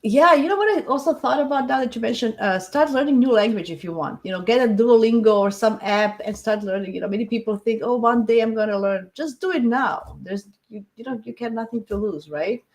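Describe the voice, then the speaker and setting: A woman's voice: fairly high pitch, a little fast, few pauses, darkish tone. Chatty woman hosting an astrology live. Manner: chatty, encouraging, laughs often. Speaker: astrology show host. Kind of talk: casual live-stream chat.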